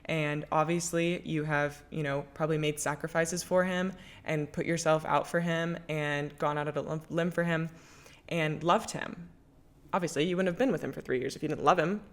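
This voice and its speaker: A woman's voice: low voice, steady tone, normal speed. A young woman hosting a podcast in casual chat, reading listener letters and answering in a candid, chatty, emphatic way with plenty of swearing. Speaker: podcast host.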